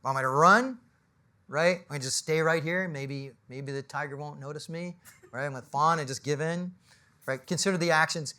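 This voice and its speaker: A man, a business coach, gives an animated motivational talk to a live audience in an event space, firing off rhetorical questions and tagging lines with "right?". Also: on the high side, brisk. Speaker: business coach speaking on a panel.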